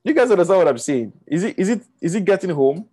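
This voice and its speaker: Man, motivational talk, slightly high voice, keeps asking if listeners follow, raised voice for quotes. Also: very animated, fast, dark tone, slightly rough. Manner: checks in with listeners often, acts out quotes in a raised voice. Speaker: speaker addressing an audience.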